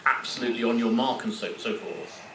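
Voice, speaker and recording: A man interviewing guests at a stage Q&A, halting and repeating words as he asks questions. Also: mid-range voice, gravelly, background noise. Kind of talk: moderating a panel Q&A. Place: cinema stage Q&A. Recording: echoey hall, picked up from far.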